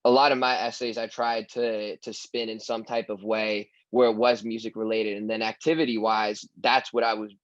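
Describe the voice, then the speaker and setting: A young man on a student panel shares advice thoughtfully. His voice sits on the low side. The sound is muffled and dry. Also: flat delivery, normal speed, hardly any pauses, no room sound. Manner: reflective, thoughtful, with many restarts.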